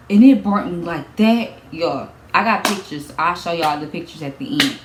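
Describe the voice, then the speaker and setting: A young woman telling a storytime vlog in a casual, animated way, repeating herself, swearing and laughing as she goes. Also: on the low side, normal speed, few pauses, echoey room, noisy background. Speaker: vlogger.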